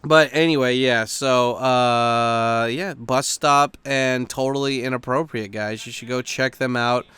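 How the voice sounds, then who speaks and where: A man's voice: mid-range voice, measured pace, few pauses, smooth, dry recording. A young man hosting a podcast, chatting casually and swearing a lot, with plenty of fillers as he rambles. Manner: profane, animated storytelling with lots of fillers. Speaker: podcast host.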